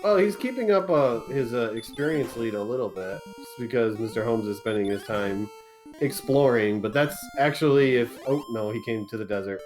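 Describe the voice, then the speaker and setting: A laid-back man giving color commentary on a retro game race, cracking jokes between updates. He talks at a middle pitch, with faint music behind him. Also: normal speed, darkish tone. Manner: joking, laid-back, chatty. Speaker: tournament co-commentator.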